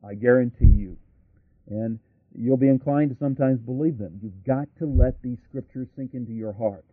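A man's voice: medium pitch, moderate pace, slightly rough, no echo. A man preaching a sermon emphatically, with rhetorical questions, asides and frequent restarts. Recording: dry, tinny radio broadcast.

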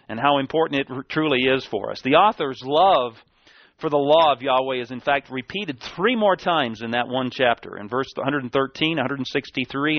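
A man's voice: mid-range voice, dry recording. A man preaching a sermon, emphatic, repeating key words and swinging between a raised and a dropped voice. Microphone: sermon tape recording. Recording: dull dry lo-fi church tape.

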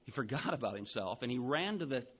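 A man in his forties preaching a sermon, telling a story with animated emphasis. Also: medium pitch, fast, breathy edge, lo-fi sound. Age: 40s. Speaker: pastor.

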